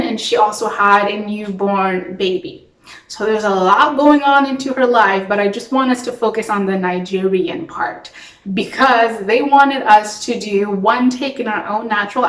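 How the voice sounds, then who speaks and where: Chatty young woman, echoey room. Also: mid-range voice. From Toronto, Canada. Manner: chatty and expressive, frequent "like". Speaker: actress. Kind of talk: storytime vlog.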